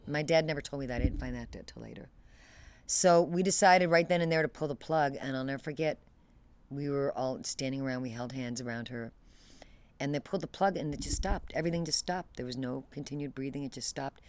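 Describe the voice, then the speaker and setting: A woman speaking as an interview guest, steady and detached as she retells a deeply painful memory. She stumbles, restarts and lets phrases trail off, as if talking through something that happened to someone else. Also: brisk, clean tone. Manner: detached, matter-of-fact retelling of a painful loss. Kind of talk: emotional personal storytelling.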